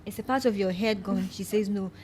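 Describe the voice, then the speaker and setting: A woman's voice: medium pitch, brisk, darkish tone, a little hiss or hum. A woman hosting a podcast, chatting casually and animatedly, laughing often and repeating herself for emphasis. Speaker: podcast host. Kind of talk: casual chat.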